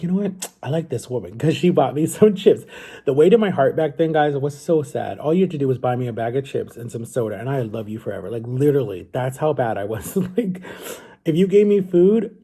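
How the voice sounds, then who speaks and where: Male vlogger, dark and breathy tone, loose rambling storyteller talking to the camera. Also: medium pitch. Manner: rambling, chatty, often addresses viewers as guys. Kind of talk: casual storytelling to viewers.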